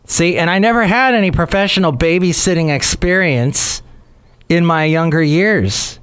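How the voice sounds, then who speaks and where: A man's voice: a little high, expressive, a little fast, a bit bright, smooth. A man hosting a podcast in a rambling, jokey, digressive monologue. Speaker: podcast host. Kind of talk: casual chat monologue.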